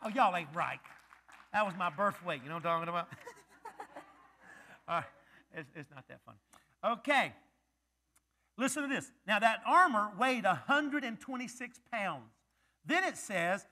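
High, bright-voiced male preacher. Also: measured pace. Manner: animated, joking, quizzing the congregation. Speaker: pastor. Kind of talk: sermon.

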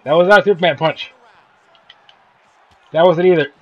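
Playing a fighting game against the computer, a young man delivers loud, profane, jokey commentary on his own match as a gaming video host. His voice is a little high, his speed normal, and the sound lo-fi.

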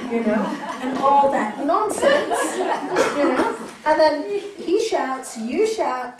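Woman yoga teacher lecturing, voice sits a bit high and swings all over, echoey hall, mic off a ways. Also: distant mic, slight background noise. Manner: animated storytelling, acts out quoted voices. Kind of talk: lecture to a class. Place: large hall.

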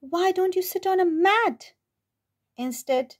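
A woman's voice: very high-pitched, takes it slowly, pitched above the performer's own voice. A woman doing a cheerful teasing dog. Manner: playful, teasing.

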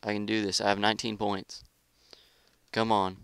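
This man, a gaming YouTuber, has a gravelly, somewhat low voice and talks at a moderate pace with no echo as he calls his own match. Excitable and loose, he mocks opponents and grumbles about lag throughout the casual gameplay commentary.

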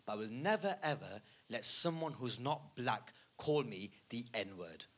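A male comedian acting out a calm, firm friend who refuses flatly and in a low voice. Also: measured pace, breathy edge. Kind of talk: stand-up act-out.

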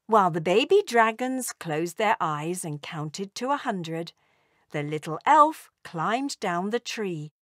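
A woman narrating a children's storybook in a slow, expressive read-aloud manner. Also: on the low side, dry recording, clean studio sound.

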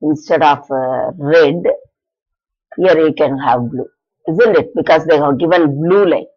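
A woman teaching a math lesson, asking questions and answering them herself, repeating each step. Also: deep voice. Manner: slow, repetitive, asks and answers her own questions. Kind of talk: classroom lesson explanation. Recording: dull lo-fi recording.

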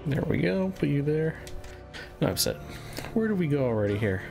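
A man giving relaxed, casual commentary as he plays a game on a live stream, muttering to himself as he goes. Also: fairly high pitch, normal speed, vocal fry. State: a little out of breath. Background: game music.

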